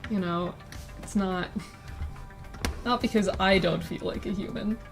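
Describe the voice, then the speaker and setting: A woman's voice: mid-range voice, fairly even intonation, measured pace, creaky, over music. A woman streaming as a VTuber, chatting casually in a rambling way that keeps interrupting itself with giggly asides. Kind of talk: casual live-stream chat while drawing.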